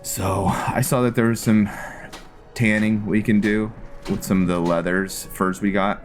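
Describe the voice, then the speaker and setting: A man hosting a let's play video, giving relaxed, casual gameplay commentary and thinking aloud with fillers. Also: lowish voice, measured pace, faint music behind.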